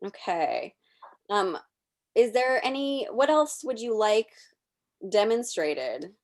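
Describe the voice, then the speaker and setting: A woman presenting a workshop over a video call, explaining software step by step as she clicks through it. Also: medium pitch, very animated, slow pace. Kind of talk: live software demonstration.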